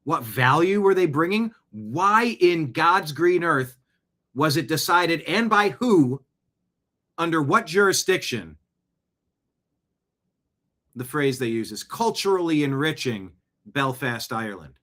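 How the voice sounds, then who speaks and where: A man's voice: on the high side, animated, slow pace, long pauses, a bit bright. A man hosting his own show, giving opinionated news commentary full of indignant rhetorical questions. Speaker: show host.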